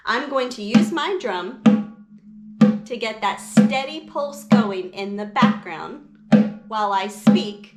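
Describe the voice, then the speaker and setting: A woman music teacher explaining a lesson for parents and teachers in a slow, clear, patient way. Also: mid-range voice, animated, reverberant.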